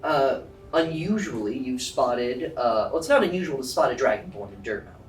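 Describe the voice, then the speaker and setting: A man narrating as dungeon master in a tabletop game, chatty and lively. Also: mid-range voice, normal speed. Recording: roomy distant mic, faint music.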